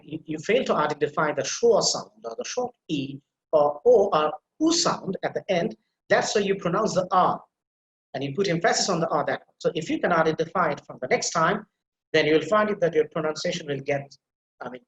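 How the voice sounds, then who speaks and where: A man's voice: high-pitched, a bit bright, roomy sound, low-quality recording. A man teaching a pronunciation class on a video call, explaining patiently with many fillers and repetitions.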